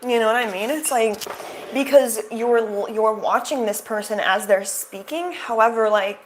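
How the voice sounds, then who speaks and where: A woman's voice: on the high side, a little slow, slight background noise, rough recording. A young woman hosting casual reaction commentary, sarcastic and rambling, full of fillers and restarts. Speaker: commentary channel host.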